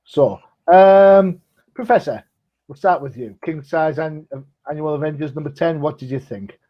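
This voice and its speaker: A man's voice: a little high, moderate pace. Man, casual chat co-host, jokey, ums a lot, dull muffled lo-fi sound. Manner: chatty, jokey, lots of ums. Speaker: comic podcast co-host.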